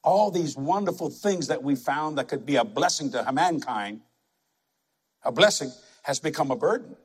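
A man's voice: fairly high pitch, lively intonation, normal speed, breathy edge. A man preaching a sermon, emphatic and conversational, repeating words for effect.

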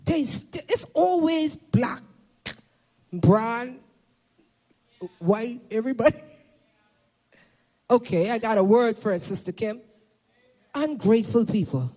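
A woman preaching a fervent sermon to a congregation, shouting at peaks and calling for responses, filmed for a camera. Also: a little high, expressive, slow, pauses often. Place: church or meeting hall. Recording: long hall reverb.

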